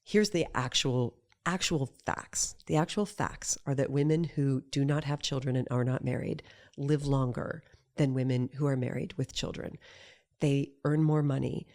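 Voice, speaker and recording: Animated woman telling stories as a guest. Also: a bass voice, moderate pace. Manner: animated storyteller who acts out quoted voices. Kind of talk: casual conversation.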